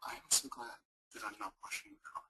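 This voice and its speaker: A woman playing a soft-spoken, supportive friend. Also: a little high, huge pitch swings, a little slow, creaky, a little hiss or hum, full character voice, poor audio. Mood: soothing. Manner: soft, soothing, reassuring. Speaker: role-play actor.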